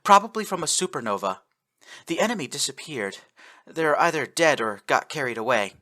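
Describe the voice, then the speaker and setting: A man's voice: fairly high pitch, sing-song, normal speed, pushed and bright, voice pushed up. A man voicing a tough female space marine sergeant who speaks in clipped, matter-of-fact lines. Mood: brisk.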